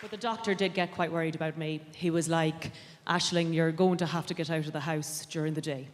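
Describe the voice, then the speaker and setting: A woman doing stand-up with a dry, deadpan delivery. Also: sits low, brisk, crowd noise. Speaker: stand-up comedian. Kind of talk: stand-up routine. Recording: distant, reverberant, loud noise.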